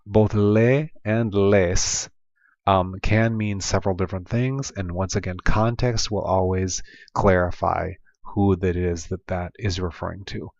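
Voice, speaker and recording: A Spanish teacher from Oklahoma, United States, speaks with an Oklahoma accent as he patiently leads a classroom lesson over slides, often saying um and restarting. His voice is low and a little mellow, with no room sound, recorded as a dull lo-fi voice-over.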